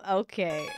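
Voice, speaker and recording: A young woman streamer chatting casually and excitedly while playing a game. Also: mid-range voice, slight background noise. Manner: chatty, apologetic, easily excited. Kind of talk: casual gameplay commentary.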